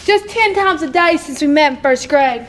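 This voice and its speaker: A woman's voice: sits high, lively intonation, normal speed, slight background noise. A young woman acting in a stage play, playing a dramatic, suspicious woman who snaps at her lying friend. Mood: exasperated. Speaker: stage actor.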